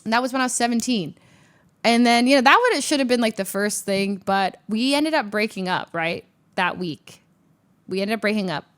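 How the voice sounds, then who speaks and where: A young adult woman, a streamer, telling a personal story in an animated, chatty way, full of fillers. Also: on the high side, normal speed. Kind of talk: casual storytelling.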